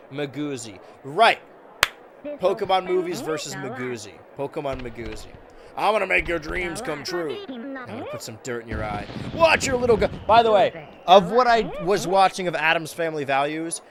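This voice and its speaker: Jokey rambling male game streamer. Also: a little high. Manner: rambling, jokey, swinging between loud outbursts and mutters. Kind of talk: casual let's-play commentary.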